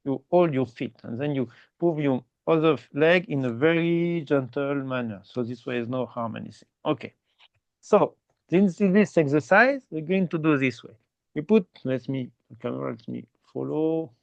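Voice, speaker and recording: Male meditation teacher, slightly high and gravelly, dry muffled sound, patient non-native English. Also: animated, no room sound. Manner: explains slowly and repeatedly, ending phrases with "okay?"; non-native English with simple grammar slips. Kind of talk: guided meditation instruction.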